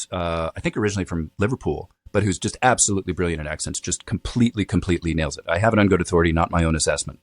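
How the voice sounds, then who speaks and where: A man with a very low voice talks through his expertise in an easygoing interview. He explains at length, restarting phrases and filling pauses with "um" and "you know." The sound is dry and close. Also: dry recording. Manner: thoughtful, explanatory, with frequent fillers. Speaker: dialect coach. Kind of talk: casual interview answers.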